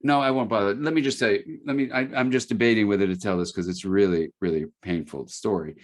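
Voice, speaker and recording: A man's voice: lowish voice, quick pace. A middle-aged man, an author speaking as a guest in a webinar conversation, telling stories with frequent restarts and fillers. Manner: storytelling, many restarts and fillers.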